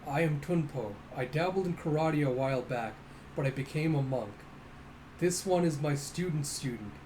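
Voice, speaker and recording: A man voicing a calm old male monk who was once a karate master, speaking in a gentle, polite, unhurried way. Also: on the high side, a little hiss or hum, natural voice, low-quality recording.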